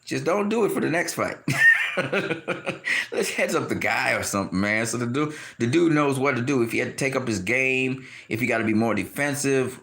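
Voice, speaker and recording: A man giving a casual, animated boxing opinion rant, often laughing and acting out quotes in high shouted voices. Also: normal speed, vocal fry, a little hiss or hum. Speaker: boxing commentator.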